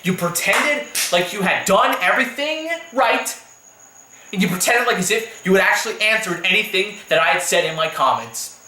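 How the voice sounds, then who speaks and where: A man's voice: high voice, expressive, normal speed, bright, forceful tone, echoey room, a little hiss or hum, poor audio. A man delivering a heated, profanity-laced rant as a YouTube commentator, repeating himself for emphasis. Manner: heated, profane, repetitive ranting. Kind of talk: angry rant vlog.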